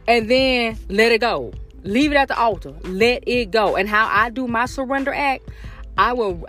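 A chatty woman with a Southern US accent hosts a casual faith and wellness podcast, recorded from inside her car. She talks to listeners as y'all, circling back and repeating her points in a relaxed, conversational way. Soft music sits faintly underneath her voice. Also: a little high. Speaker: podcast host.

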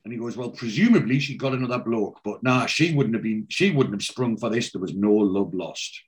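A man's voice: lowish voice, animated, a little fast. Man casually retelling a TV episode. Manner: reads out character lines in a plain retelling voice, many fillers. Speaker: podcast host recapping a TV episode. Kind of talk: casual chat, retelling scenes.

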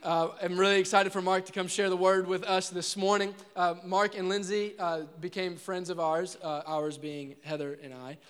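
A man speaks from a church stage, his voice pitched high and bright. He jokes easily with the congregation, then settles into earnest prayer. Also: little pitch movement, moderate pace, few pauses, smooth. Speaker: pastor. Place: church service before a congregation.

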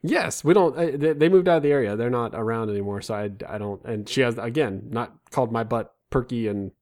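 A man's voice: medium pitch, brisk. A man in his thirties, co-hosting a comedy podcast, telling self-deprecating stories and slipping into silly voices. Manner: self-deprecating, animated storyteller with put-on voices. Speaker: podcast co-host. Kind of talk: comedic banter.

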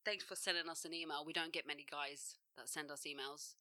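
A woman's voice: low-pitched, steady tone, a little fast, sharp tone. A young woman co-hosting a podcast, talking bluntly in casual chat, often laughing and swearing offhand. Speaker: podcast co-host.

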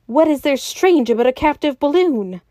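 A woman voicing a furious male secretary who shrieks and shouts savagely while reading a story. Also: on the high side, animated, brisk, no echo, clean studio sound, natural voice. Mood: angry.

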